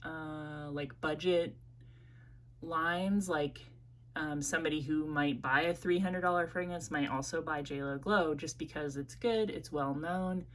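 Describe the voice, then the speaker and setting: A woman's voice: sits low, measured pace. A woman with an American Midwest accent reviewing perfumes in a casual, rambling vlog, talking with many fillers and self-corrections.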